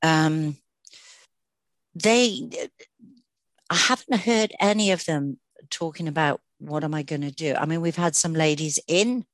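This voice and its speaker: A woman with a low voice co-hosts a podcast in casual, earnest chat, often restarting her sentences. The sound is dry and close to the mic. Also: a little slow, pauses often, no echo. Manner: earnest, chatty, many fillers and restarts. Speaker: podcast co-host.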